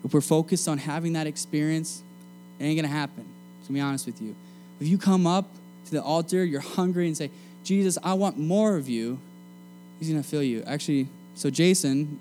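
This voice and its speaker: A young man preaching a sermon to a room of students in a casual, energetic, slangy way. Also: on the high side, a little fast, soft background music. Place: meeting room.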